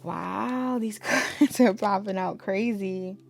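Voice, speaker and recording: Woman tarot reader, casual and chatty, vocal fry, mid-range voice. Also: mid-range voice, slow, soft background music. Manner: chatty, talks straight to viewers as y'all. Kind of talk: casual tarot reading to camera.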